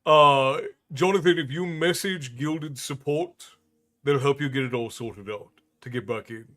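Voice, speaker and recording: A man's voice: medium pitch, unhurried, pushed and bright. A man from Ireland hosting a livestream, chatting casually and greeting viewers by name in a friendly, rambling way. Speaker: livestream host and storyteller. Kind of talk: casual chat with stream viewers.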